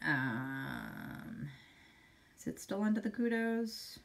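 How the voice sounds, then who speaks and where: A woman's voice: mid-range voice, lively intonation, takes it slowly. A middle-aged woman hosting a casual live makeup demo at home, chatting with viewers and answering them by name. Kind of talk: casual live-stream chat.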